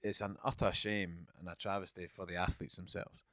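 A man's voice: low voice, little pitch movement, fairly quick, a bit bright, no echo, studio quality. A man co-hosting a podcast in casual chat, adding sardonic, opinionated asides. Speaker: podcast co-host.

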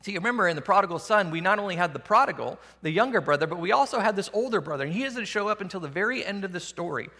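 A male pastor delivers a sermon in a chatty, storytelling manner, and his high voice carries a gravelly edge. His words ring through a long hall reverb. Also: very fast, few pauses. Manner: conversational, animated storytelling, casual slang.

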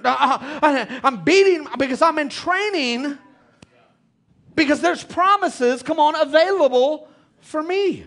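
A man with a very high voice preaches with energy, urging his congregation to respond. He drives his points home with repetition. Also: slow pace. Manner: animated preacher, calls out to congregation. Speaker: pastor. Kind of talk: sermon.

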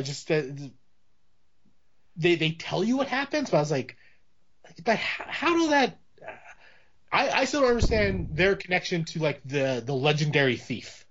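A man co-hosting a casual movie podcast, rambling with many restarts as he talks through a film. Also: sits high. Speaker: podcast co-host. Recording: dull lo-fi audio.

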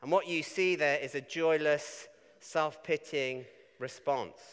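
Male preacher, conversational, tag questions, smooth voice, long church reverb. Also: a little high, slow, fairly bright tone. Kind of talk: sermon.

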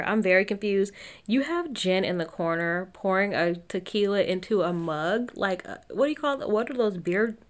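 A young woman giving a casual, opinionated recap of a reality TV show, laughing often and talking to her listeners as y'all. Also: medium pitch.

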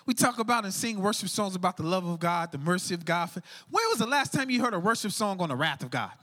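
A man preaching a lively sermon, swinging from shouts down to near whispers, full of casual slang. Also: high voice, quick pace, in a large hall. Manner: energetic, shouting and dropping to a hush, casual slang. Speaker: pastor.

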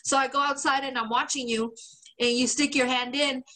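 A woman's voice: sits high, steady tone, a little fast, sharp tone, low-quality recording. A woman co-hosting a podcast, telling a story in casual chat, swearing and laughing often. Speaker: podcast co-host.

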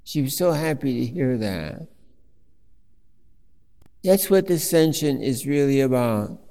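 A man preaching a sermon as a priest, telling a story slowly with fillers and restarts. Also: mid-range voice, lively intonation, mellow, in a large hall.

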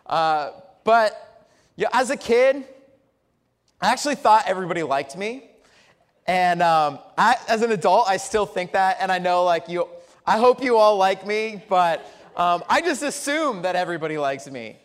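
A man's voice: sits high, normal speed. A man preaching a sermon as pastor in a church, telling stories in a chatty, humorous way. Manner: lively, chatty storytelling with humor. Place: church sanctuary. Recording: long church reverb.

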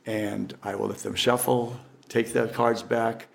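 A man's voice: fairly low pitch, level tone, measured pace, vocal fry. An older man, a professional magician, telling stories casually in an interview, rambling with frequent restarts.

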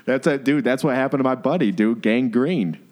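A young man in casual comedic banter, full of bro slang and crude deadpan jokes. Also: medium pitch, brisk.

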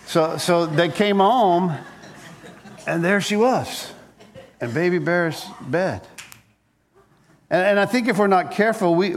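A man preaching a conversational sermon as a pastor, joking and telling stories, often repeating words as he goes. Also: a little high. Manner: playful, joking storyteller; frequent word repeats.

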